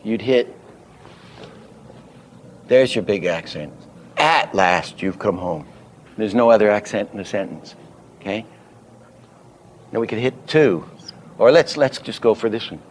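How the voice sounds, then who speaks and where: An older man teaching animation, unhurried and thinking aloud, often stopping to act out a line reading. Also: lowish voice, expressive, darkish tone, slight background noise. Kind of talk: teaching lecture.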